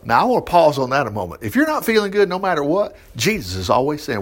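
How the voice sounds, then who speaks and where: Male Bible teacher, folksy, reads scripture with quick asides, very lively intonation. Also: fairly high pitch. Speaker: preacher.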